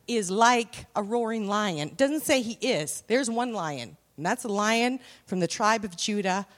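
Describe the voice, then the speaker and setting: A woman preaching a sermon in a conversational way, mixing scripture with family anecdotes and rising to emphatic peaks. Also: mid-range voice.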